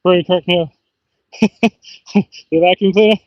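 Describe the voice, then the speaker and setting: High-pitched guy chatting on a fishing livestream outside, dry muffled sound, gets excited easy. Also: measured pace, no echo. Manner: excitable, chatty, bursts into whoops and laughs. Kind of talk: casual live-stream chat. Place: outdoors by the water.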